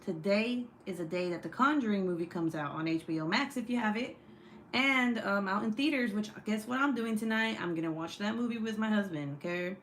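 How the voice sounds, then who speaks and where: A woman's voice: medium pitch, a little fast, fairly bright tone. Young woman, livestream host, chatty, swears a lot, reads chat, home room, faint hiss. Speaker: true crime livestream host. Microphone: desk setup, phone or webcam.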